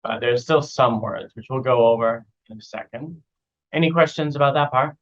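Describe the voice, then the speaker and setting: A man giving casual spoken feedback as an IELTS speaking teacher, relaxed and repeating example phrases to model how they sound. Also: medium pitch, normal speed, dull audio. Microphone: online video call.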